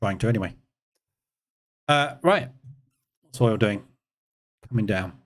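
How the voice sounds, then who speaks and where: A man's voice: on the low side, measured pace. English man running a live trading room. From England. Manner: chatty, answering chat questions while reading charts.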